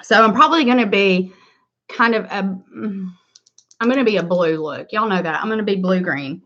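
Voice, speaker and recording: A woman's voice: medium pitch, moderate pace, fairly bright tone. Chatty woman on a makeup livestream. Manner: chatty, greets viewers by name, upbeat. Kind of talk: casual livestream makeup tutorial. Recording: slightly dull lo-fi livestream audio.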